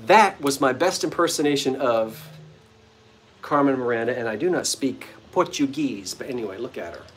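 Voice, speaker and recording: A chatty, playful man runs a casual live sale, joking with the people watching as he goes. His voice sits at an everyday middle pitch. Faint music plays softly behind him. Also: lively intonation, moderate pace. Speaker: vintage shop owner hosting a live sale stream. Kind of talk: casual live-stream chat. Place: front porch of an old bungalow at sunset.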